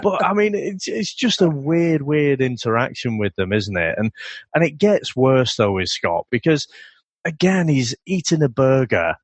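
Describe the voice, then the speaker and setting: A man's voice: mid-range voice, sing-song, a little slow, breathy edge, dry recording. A man co-hosting a podcast, casually reviewing an old film with incredulous laughter and plenty of swearing. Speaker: podcast co-host.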